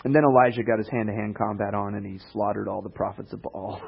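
A man preaching a casual sermon, retelling stories in a conversational way with sarcastic asides and quick character voices. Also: on the low side, steady tone, vocal fry, slightly rough, lo-fi sound. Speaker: pastor.

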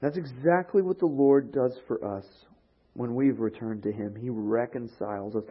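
Male pastor, mid-pitched and husky, sermon delivery, animated storyteller, muffled lo-fi recording. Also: normal speed. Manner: animated storytelling, acting out quoted voices. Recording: dull lo-fi recording.

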